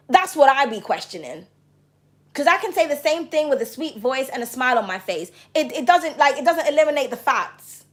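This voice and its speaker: A woman's voice: high-pitched, lively intonation, moderate pace. A woman giving a tarot reading to camera, talking passionately and bluntly, with frequent swearing. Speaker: tarot reader.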